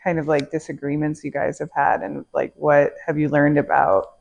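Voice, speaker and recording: A woman's voice: sits low, flat delivery, normal speed, gravelly, a little mellow, muffled recording, a little hiss or hum. A woman interviewing a close friend in casual conversation, encouraging him with short affirmations.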